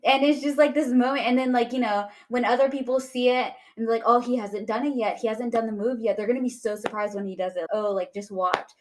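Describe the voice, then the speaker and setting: A young woman co-hosting a podcast in casual chat, animated and quick to act out characters' lines. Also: a little hiss or hum. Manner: animated, acts out characters' lines in quick shifts of pitch and volume. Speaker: podcast co-host.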